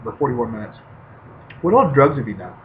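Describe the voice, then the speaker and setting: Swearing as he goes, a man co-hosting a podcast recounts rowdy fights with lively energy in casual conversation. He talks fairly quickly at a medium pitch, and the audio is muffled and lo-fi with a faint hiss.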